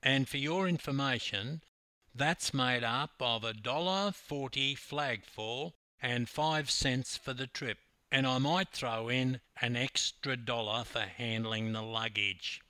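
A man's voice: mid-range voice, slow, pushed and bright, dry recording. Older man as an indignant male taxi driver, sarcastic, spat-out words, dry sound.

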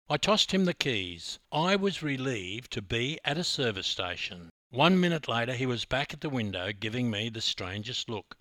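A man's voice: medium pitch, sing-song, normal speed, few pauses, bright, forceful tone, dry recording. Emphatic Australian male storyteller. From Queensland, Australia. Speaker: podcast host and storyteller. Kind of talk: narrated personal story.

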